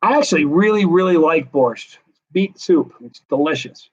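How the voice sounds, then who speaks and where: A middle-aged man with a slightly high voice, hosting a relaxed live-stream question session. He rambles easily between answers and viewer shout-outs. The sound is dull and lo-fi. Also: normal speed, breathy edge. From United States, East Coast. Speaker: host of a hot pepper channel. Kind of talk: casual live-stream Q&A chat.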